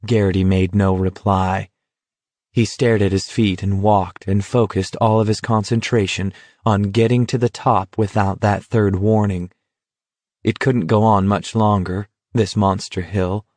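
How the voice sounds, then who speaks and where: A man reading a novel aloud in a measured, even storytelling manner. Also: on the low side, no room sound. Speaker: narrator. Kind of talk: audiobook narration.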